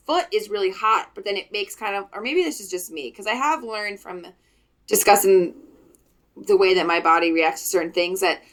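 A woman talks loosely and candidly on a podcast over a video call. She rambles and giggles through her points. Her voice sits at an ordinary middle pitch. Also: normal speed, a bit bright. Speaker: podcast co-host. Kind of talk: casual chat.

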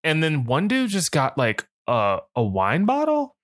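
A man's voice: fairly high pitch, unhurried, no echo, clean studio sound. Guy cohosting a movie podcast, jokey, goes off on tangents, voice all over the place. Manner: animated, joking, riffs on tangents. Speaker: podcast co-host. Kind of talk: casual movie review chat.

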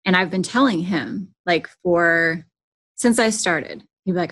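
A woman with a husky, lowish voice hosts a podcast. She chats loosely, full of "like" and "you know", and retells what others said. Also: normal speed, fairly bright tone. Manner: chatty, filler-heavy storytelling. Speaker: podcast host. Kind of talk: casual podcast conversation.

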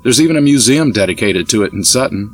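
A man's voice: medium pitch, fast, soft background music, close to an everyday voice. A man doing a joking young bearded guy. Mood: easygoing. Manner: relaxed, joking delivery.

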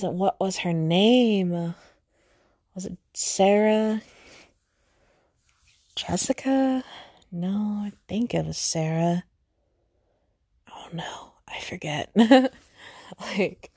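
A young woman with a mellow, medium-pitched voice hosts a podcast by herself. The talk is loose and rambling, peppered with fillers and self-corrections.

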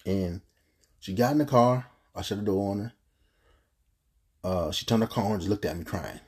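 A young man telling a personal story on a podcast, emphatic and full of repeated words and restarts. His voice is low, mellow and husky. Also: a little fast. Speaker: podcast host.

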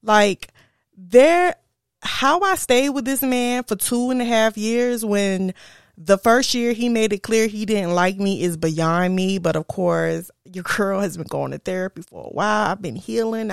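Young woman podcast host, chatty storyteller, gravelly edge, dry close sound. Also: mid-range voice, no room sound. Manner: chatty, animated, addresses listeners as y'all. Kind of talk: casual storytelling.

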